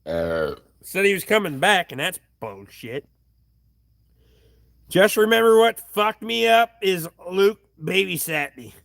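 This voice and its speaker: In a high-pitched, gravelly, somewhat bright voice, a man reads viewer comments slowly but very animatedly during a casual livestream. He curses freely in an offhand, blunt way while a tripod camera films him in his home workshop, and the clean studio sound has no room sound.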